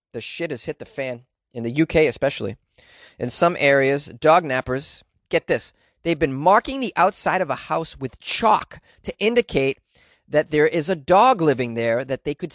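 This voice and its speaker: A man's voice: a little high, no echo, clean studio sound. A man hosting a podcast, riffing sarcastically and crudely on news stories and talking back to himself. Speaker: podcast host. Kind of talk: comic news commentary.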